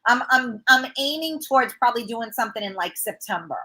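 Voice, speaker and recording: Chatty lady host, bright punchy voice, kinda high. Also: lively intonation, brisk. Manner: chatty, reads out viewer comments. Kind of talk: casual chat.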